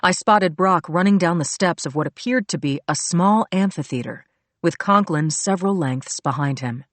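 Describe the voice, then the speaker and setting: A woman's voice: fairly low pitch, normal speed, dry recording. Woman narrating a thriller, dry sound. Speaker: audiobook narrator. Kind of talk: scripted narration.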